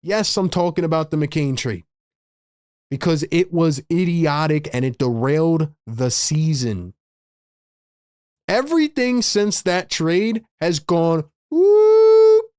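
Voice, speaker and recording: A man on a live sports stream rants to his chat in a high, agitated voice, dropping "bro" into nearly every line. The sound is dry and close, with no room around it. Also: expressive, takes it slowly, a little mellow, dry recording. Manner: frustrated, ranting, says "bro" a lot. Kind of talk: live stream fan rant.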